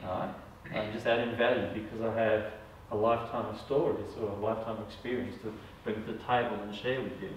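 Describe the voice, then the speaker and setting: Here the same Australian medium sounds fairly low and flat, moving along quickly with hardly a pause over slight background noise. Chatting to a small group, he still asks "all right?" again and again, recorded from a distance in a reverberant room.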